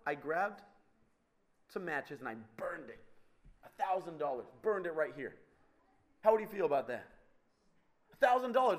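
A man preaching a sermon to a live audience, animated and teasing, swinging between loud and soft. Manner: animated, wide swings in pitch and loudness, teasing the crowd.

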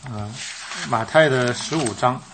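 A man's voice: medium pitch, measured pace, fairly bright tone, slight background noise. A man interpreting a sermon live, hesitant, with frequent fillers and restarts.

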